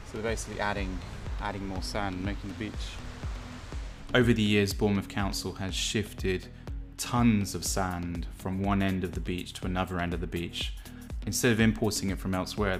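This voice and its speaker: Man from England, low voice, rambling and opinionated, walking outdoors on a beach, faint music. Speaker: vlog host. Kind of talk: casual walk-and-talk vlog.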